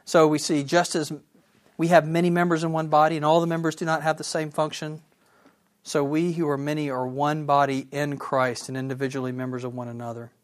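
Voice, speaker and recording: A man teaching a Bible lesson, enthusiastic and animated, asking his listeners questions. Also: on the high side, brisk. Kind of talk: sermon.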